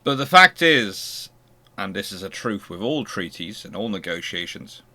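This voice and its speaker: A man's voice: lowish voice, very animated, moderate pace, sharp tone. A man hosting a history channel, giving an unscripted lecture and posing rhetorical questions as he explains.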